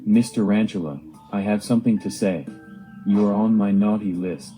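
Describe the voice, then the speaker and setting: Homemade cartoon: old Santa Claus, read by a man, plain and earnest, lowish voice. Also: normal speed, warm tone, faint music behind, natural voice, rough recording. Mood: stern. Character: jolly old Santa Claus, stern when scolding.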